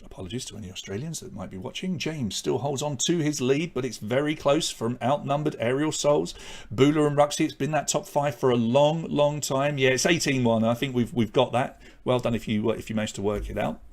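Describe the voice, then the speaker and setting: A man's voice: medium pitch, a little fast, a little mellow. A man hosting a live online pub quiz, reading out questions and scores in a chatty, self-deprecating way.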